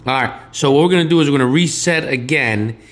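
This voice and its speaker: A man's voice: on the high side, quick pace, a bit bright. Man, podcast co-host, chatty, eager, casual hosting, steers the segments.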